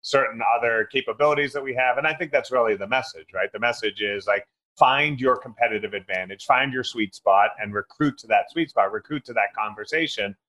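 Measured male interview host. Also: mid-range voice, sharp tone, low-quality recording. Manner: measured, summarizing and framing questions. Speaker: podcast host. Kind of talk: interview hosting.

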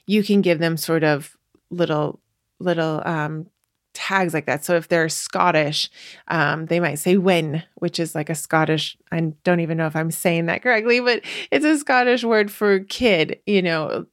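Close to the mic in a very dry, dead-sounding recording with no room sound, a woman with a slightly low voice gives writing advice on her podcast. She speaks casually at normal speed, full of fillers and self-corrections, with the odd light laugh as she explains.

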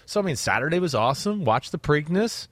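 A man's voice: a little high, big pitch swings, brisk, dry recording. A man hosting a sports podcast in a casual, joking way, often laughing and acting out what people said. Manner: jokey, laughs a lot, acts out quotes.

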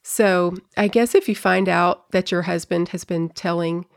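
A woman's voice: fairly low pitch, fairly even intonation, measured pace, vocal fry. A woman hosting a true-crime podcast in a casual, chatty way, laughing often and acting out quotes. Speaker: podcast host.

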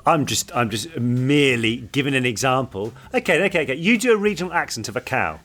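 A man's voice: medium pitch, a little fast, soft background music. Guy cohosting a podcast, goofy and bouncy, voice jumps all over. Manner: playful and animated, puts on silly voices. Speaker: podcast co-host. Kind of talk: casual podcast chat.

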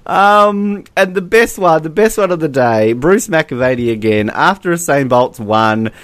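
Lively-voiced jokey man. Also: a little high, a little slow, clean tone, no room sound. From Australia. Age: late 20s. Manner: jokey, laughs often, imitates voices. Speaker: podcast co-host. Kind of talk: casual chat.

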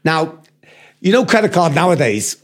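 A man's voice: on the high side, big pitch swings, moderate pace. An older man with a Liverpool accent telling a long, sweary story in casual chat, acting out quoted voices. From Liverpool, England. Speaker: podcast guest storyteller.

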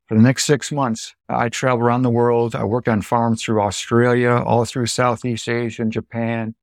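A dairy farmer in his seventies from Illinois, United States, tells stories from his life in an interview, animatedly acting out the quoted voices. His voice is medium-pitched, captured in a dry, studio-quality recording.

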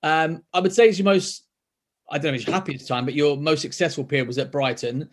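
Man, host, high pitch, rapid questions. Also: background noise. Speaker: podcast host. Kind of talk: interview question.

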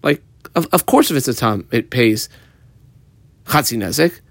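A man teaching a Talmud page line by line, explaining each phrase and marking up the text as he goes, sometimes quick, sometimes slow and stressed. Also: mid-range voice, expressive, vocal fry, dry recording. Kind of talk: page-by-page study lesson.

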